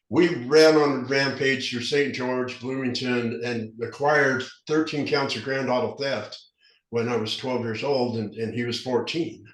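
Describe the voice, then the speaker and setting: Podcast guest: man around fifty from southern Utah, slight denture lisp, earnest and rambling, average pitch, recorded in a roomy space. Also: steady tone, a little slow. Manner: earnest, rambling, frequent restarts. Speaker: podcast guest, recovery specialist. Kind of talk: candid storytelling in an interview. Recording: roomy echo.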